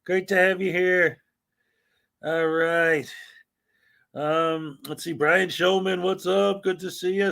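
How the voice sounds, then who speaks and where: A man's voice: high-pitched, fairly even intonation, takes it slowly, vocal fry, pauses often, a bit bright. A man hosting a morning livestream, greeting viewers by name in an upbeat, rambling way. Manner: rambling, upbeat, reads out chat names. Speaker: livestream host.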